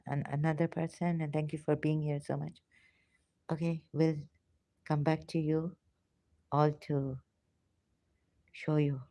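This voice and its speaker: Slow, mellow-voiced impassioned woman. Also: low-pitched, dry recording. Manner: emotional, passionate, pleading. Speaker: ex-religious vlogger. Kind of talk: impassioned spoken monologue.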